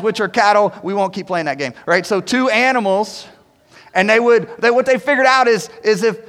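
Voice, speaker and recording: A man preaching a sermon as pastor in a church, conversational and animated, often tossing "right?" to the congregation. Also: sits high. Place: church sanctuary. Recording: long hall reverb.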